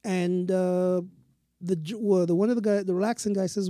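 A man co-hosting a casual spiritual talk show, telling stories in a slow, reflective way. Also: sits high, dark tone, dry recording, clean studio sound. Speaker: co-host.

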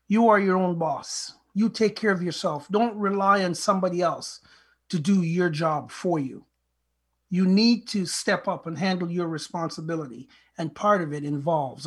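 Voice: medium pitch, slightly rough. A podcast host giving an earnest, motivational talk that is full of rhetorical questions and direct advice to listeners. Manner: earnest, preachy, asks many rhetorical questions; retells a fable in plain speech.

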